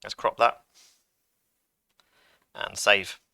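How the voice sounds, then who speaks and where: A man's voice: extremely slow, sharp tone, no echo. A man teaching a coding lesson to pupils, chatty and playful as he talks through each step on a computer microphone. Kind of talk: screen-recorded coding lesson.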